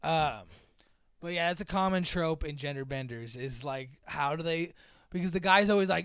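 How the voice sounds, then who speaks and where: A man with a smooth, clear voice pitched a little high, chatting casually on a movie podcast. He jokes crudely and drops into quick impressions of characters, and the sound is dry and close. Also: lively intonation, fairly bright tone, no echo. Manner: joking, crude, does quick voices when quoting characters. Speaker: podcast co-host.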